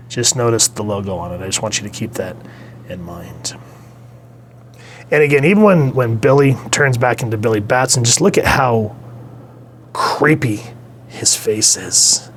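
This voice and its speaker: A man's voice: mid-range voice, animated, normal speed, pauses often, a little hiss or hum. A young man casually reviewing a comic book, talking with enthusiasm and rambling on with fillers.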